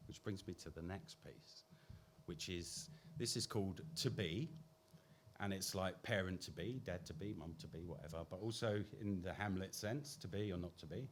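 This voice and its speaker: A man reading his own poems on a podcast, soft and reflective, with halting restarts between pieces. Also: sits low, slight background noise. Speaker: poet guest on a podcast.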